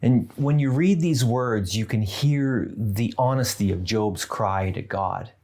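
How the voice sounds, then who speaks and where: A man preaching a sermon as pastor, talking in an earnest, conversational way with gently humorous asides. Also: lowish voice, takes it slowly.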